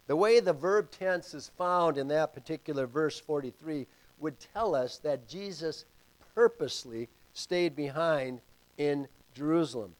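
An older man preaching a sermon and telling a personal story, moving from loud calls to hushed asides. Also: on the high side, a little slow, poor audio.

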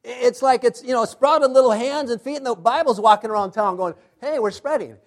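A man preaching a sermon, emphatic, asking the congregation to fill in words and dropping to hushed, intense asides. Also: very high-pitched, brisk. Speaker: pastor.

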